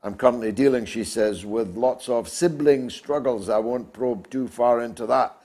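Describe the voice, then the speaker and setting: A man's voice: medium pitch, moderate pace, darkish tone. A man hosting a talk show, delivering an emphatic, oratorical monologue.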